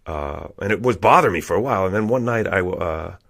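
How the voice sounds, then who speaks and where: Low-pitched man, casual profane storyteller, podcast guest. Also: expressive, quick pace, creaky, a bit bright.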